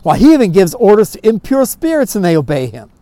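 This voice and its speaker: A man's voice: high voice, very animated, fast, mellow, no room sound. A man voicing an amazed crowd of townspeople in a Bible story. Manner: astonished.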